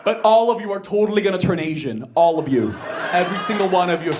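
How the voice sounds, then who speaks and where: Young Korean-born male comic, high bright voice, lively delivery, live club noise underneath. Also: fast. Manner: animated storytelling, jumps into high squealing character voices. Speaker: stand-up comedian. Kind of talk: stand-up comedy set. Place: comedy stage with audience.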